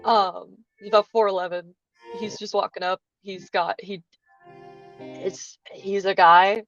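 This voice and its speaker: Woman player, slow and halting, muffled lo-fi sound. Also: fairly low pitch, level tone, no room sound, soft background music. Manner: hesitant, giggly, lots of fillers. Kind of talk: describing a character in a tabletop game.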